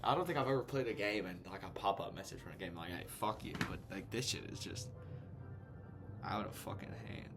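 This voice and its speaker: A man's voice: fairly low pitch, brisk, loud music behind the voice. A young man swearing and ranting as he comments on his own gameplay. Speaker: gamer. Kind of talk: casual gaming commentary.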